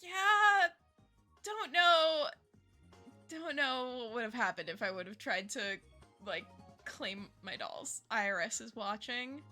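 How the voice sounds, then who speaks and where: High, lively giggling streamer woman. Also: slow, soft background music. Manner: giggly, swears casually. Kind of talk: casual stream chat.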